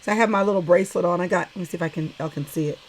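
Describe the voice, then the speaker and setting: A woman in her forties hosting a casual conversation over a video call, affirming and quick to laugh. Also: on the low side, a little hiss or hum. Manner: warm, affirming, laughs often. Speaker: host.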